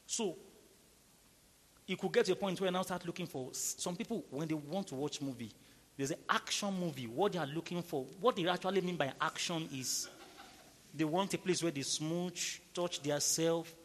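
Man, pastor, husky voice, fairly high, emphatic sermon delivery, echoey hall. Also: normal speed. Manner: emphatic, swings from loud rhetorical questions to low intimate tones.

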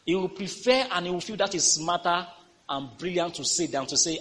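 Reading from scripture in church, a male pastor preaches energetically and calls on the congregation to respond. His voice is fairly high-pitched and his pace fairly quick.

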